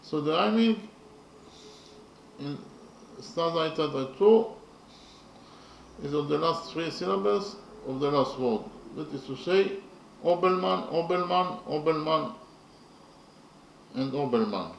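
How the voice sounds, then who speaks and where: Slow gravelly man lecturing from afar. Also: a little high. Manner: deliberate, repetitive, with hesitant fillers. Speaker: literature lecturer. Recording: roomy, from a distance, faint noise.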